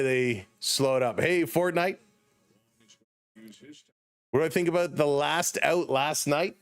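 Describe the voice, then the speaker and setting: A Canadian man hosting a live baseball stream, calling each pitch in a casual way and breaking off to greet viewers in the chat. His voice sits a bit high for a man. The room sounds dry and close. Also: no echo. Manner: chatty, reads viewer chat and laughs often. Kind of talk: casual play-by-play commentary.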